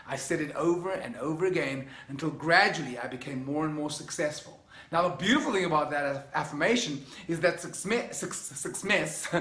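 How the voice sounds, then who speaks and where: A middle-aged South African man with a high voice speaks with keen, emphatic energy in a motivational vlog. His tone is sharp and bright. The room gives his voice a clear echo. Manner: enthusiastic, emphatic, conversational. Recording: echoey room.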